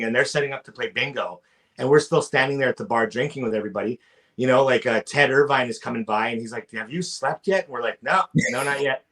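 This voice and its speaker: A man telling stories in casual podcast chat, animated, acting out the people he quotes. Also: mid-range voice.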